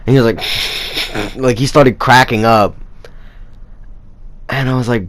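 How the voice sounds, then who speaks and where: A man's voice: medium pitch, slow, long pauses. A young man telling a personal story in a casual, rambling way, with lots of fillers. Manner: rambling, animated retelling with many fillers. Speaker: vlogger.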